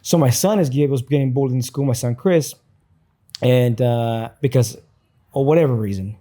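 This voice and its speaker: Man guest on a podcast, earnest, reflective, warm mellow voice, mid pitch. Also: moderate pace. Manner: earnest, reflective, with fillers and restarts. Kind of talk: casual interview chat.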